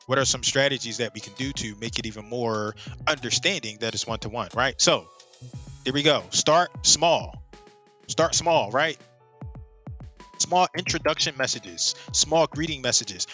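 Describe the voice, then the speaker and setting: A man's voice: medium pitch, bright, forceful tone. A middle-aged man coaching real estate marketing in a casual presentation, often checking in with "right?".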